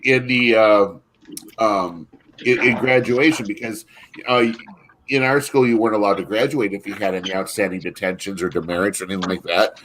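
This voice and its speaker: A man's voice: on the low side, steady tone, moderate pace, fairly bright tone, a little hiss or hum. A man co-hosting a casual chat, telling stories in a rambling way, with frequent restarts and laughs. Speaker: podcast co-host.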